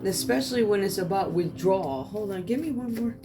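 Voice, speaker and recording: Woman tarot reader, sassy and outspoken, a bit off mic, loud music underneath. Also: mid-range voice, lively intonation, brisk, far from the mic. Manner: sassy, outspoken, asks the cards to speak. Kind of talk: tarot card reading, talking to viewers.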